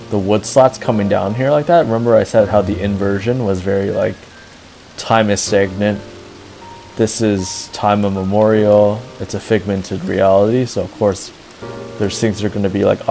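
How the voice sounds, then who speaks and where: A man's voice: on the low side, vocal fry, warm tone, poor audio. A man streaming casually, rambling earnestly with lots of fillers about a build he admires. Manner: earnest, sentimental. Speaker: streamer touring a game housing build. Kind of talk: casual chat.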